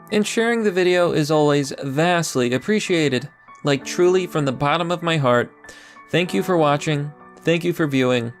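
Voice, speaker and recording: A man hosting his own channel, giving casual, sarcastic political commentary with jokes and asides. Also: on the high side. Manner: sarcastic, jokey, animated.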